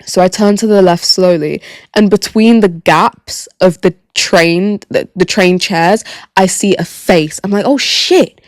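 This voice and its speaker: A young woman, telling stories on her solo podcast, animated and sweary, repeating phrases for emphasis. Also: on the low side, unhurried, no room sound, clean studio sound. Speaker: podcast host. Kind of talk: casual solo storytelling.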